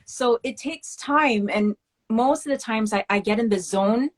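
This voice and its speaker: Candid, animated woman interview guest. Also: fairly high pitch, a little slow. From West Indian family. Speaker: guest, children's book author. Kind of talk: casual interview talk.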